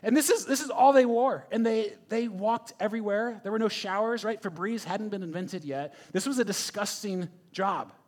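A man's voice: high voice, moderate pace, hardly any pauses, a little mellow. A man preaching a sermon in a conversational, emphatic way, often checking in with the listeners. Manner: conversational, emphatic, frequent "right?" asides. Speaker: pastor.

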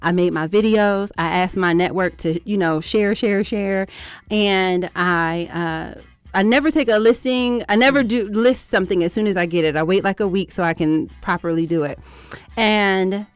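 A woman's voice: medium pitch, normal speed, smooth, no room sound, faint music behind. A woman from Georgia, a commercial real estate broker, telling her story as a radio guest in an upbeat, confident way. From Atlanta, Georgia. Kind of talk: radio interview.

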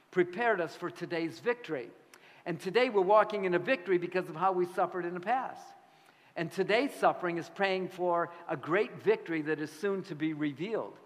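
A man preaching a conversational, animated sermon as a pastor, with sudden loud bursts of emphasis. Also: high voice. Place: church sanctuary. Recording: long hall reverb.

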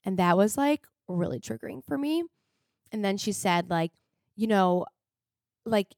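A young woman hosts a podcast in a casual confessional monologue, rambling through a personal story full of fillers and growing emotional, at times tearful. Her medium-pitched voice is animated and somewhat dark in tone, with a measured pace and frequent pauses. The studio-quality recording has no room sound.

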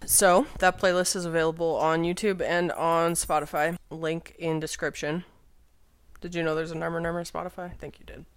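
A podcast co-host with a mid-range voice chats casually, blunt and quick to swear. The humour is dry and sarcastic. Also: mid-range voice, little pitch movement, clear, resonant tone. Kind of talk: casual chat.

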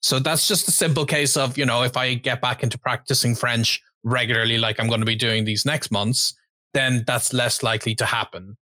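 A man co-hosting a casual video chat, explaining things in a measured way. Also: mid-range voice, steady tone, sharp tone, no echo. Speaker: co-host, language learner.

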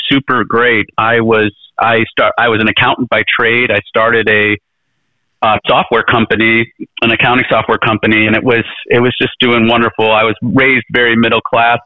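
A middle-aged man, a presidential candidate, is an interview guest telling his story in an earnest, rambling way, full of restarts and fillers. His voice is mid-range with no echo, carried over a tinny, phone-like, dry line.

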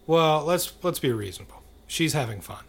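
A man's voice: fairly high pitch, expressive, brisk, creaky, slightly rough. A man co-hosting a casual chat, joking and riffing on celebrity gossip.

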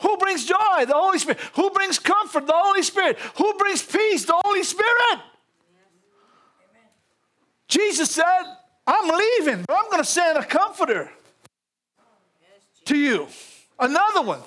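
A man preaching a sermon in a folksy, animated way, laughing often between lines. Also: extremely high pitch, unhurried, long pauses.

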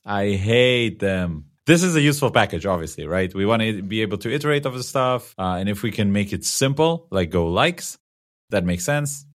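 A man's voice: lowish voice, lively intonation, a little fast. A man co-hosting a casual tech podcast, talking in a conversational, opinionated way and laughing easily. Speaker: podcast co-host.

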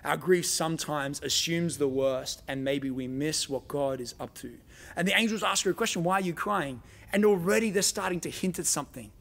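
A man delivers a sermon in a dramatic storytelling manner, slipping into the voices of the people he quotes. His voice sits a little high and has a gravelly edge. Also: fairly quick, fairly bright tone. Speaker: pastor.

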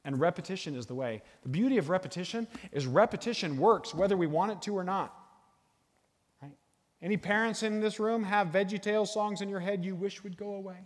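A middle-aged man giving a guest sermon in a church, animated and jokey, talking to a live audience. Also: sits high. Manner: animated, jokey, bursts into sung movie lines. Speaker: guest speaker. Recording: long hall reverb.

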